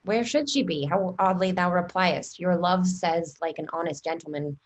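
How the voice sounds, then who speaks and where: A woman's voice: on the low side, normal speed, close to an everyday voice. A woman reading the part of an eager young girl in love in a table read of a play, pleading and impatient.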